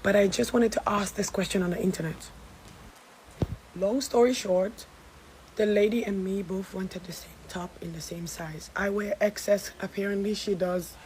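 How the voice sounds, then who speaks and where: A woman from Gambia tells a story time straight to camera. She is sassy and animated, with a mid-range voice and a faint hum of room noise behind her. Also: mid-range voice, moderate pace, rough recording. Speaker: social media storyteller.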